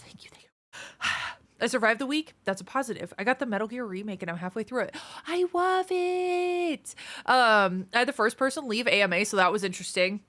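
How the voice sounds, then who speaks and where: Bubbly, lively woman streamer. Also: medium pitch. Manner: chatty, bubbly, greets viewers by name. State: out of breath. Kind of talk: casual chat reading viewer messages.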